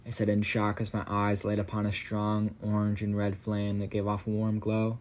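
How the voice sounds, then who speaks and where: Reading a horror story told in first person, a man speaks in a low, darkish monotone at normal speed. He fumbles words and self-corrects, occasionally pausing for offhand, profane remarks aimed at the listener.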